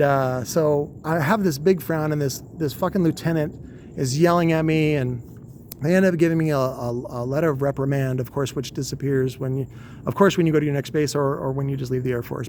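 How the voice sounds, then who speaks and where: A man's voice: fairly high pitch, a little mellow, slight background noise. A man in his forties casually telling a long, rambling, profane story with wry humor. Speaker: podcast host.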